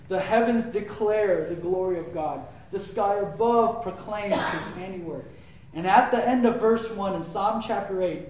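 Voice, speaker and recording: A man's voice: high-pitched, slight background noise. Man preaching in a very echoey room. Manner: emphatic preaching that swings between loud declarations and hushed asides; asks the audience rhetorical questions. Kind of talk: sermon. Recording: very echoey room, mic far off.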